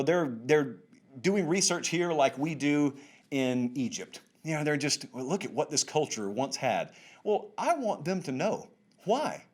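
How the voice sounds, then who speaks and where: A man hosting a sports talk show, wry and sarcastic, with emphatic rising lines. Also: fairly high pitch. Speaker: show host. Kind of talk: animated sports talk commentary.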